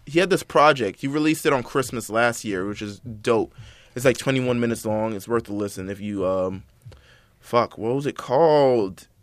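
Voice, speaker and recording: A man's voice: mid-range voice, moderate pace, no echo. Young man in loose profane music chat. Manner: loose, profane, many fillers. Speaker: podcast co-host.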